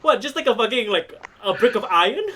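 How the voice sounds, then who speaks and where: A man's voice: sits high, lively intonation, bright, forceful tone, slight background noise. A man acting as game master for a tabletop wrestling game, narrating with playful jokes and swearing. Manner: playful, swearing, quick to joke.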